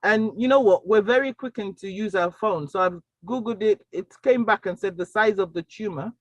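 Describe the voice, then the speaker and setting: A woman giving a personal testimony talk, telling her story with animated storytelling and acting out the dialogue. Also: fairly low pitch, no echo, poor audio. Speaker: speaker sharing a personal story.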